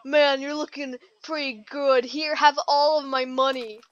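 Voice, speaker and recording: A woman's voice: high voice, steady tone, unhurried, dull audio. A woman voicing a fawning, lovesick young man who gushes and is eager to please.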